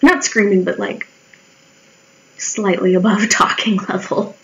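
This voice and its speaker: A woman's voice: mid-range voice, steady tone, measured pace, muffled recording, slight background noise. A woman in her twenties chatting casually and wryly while she draws, swearing freely and acting out her own remarks in quoted voices. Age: 20s. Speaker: vlogger. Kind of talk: casual storytelling while drawing.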